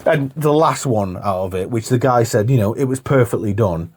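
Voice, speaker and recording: A man's voice: mid-range voice, lively intonation, normal speed, darkish tone. A man co-hosting a podcast in casual chat, acting out film lines and laughing often. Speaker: podcast co-host.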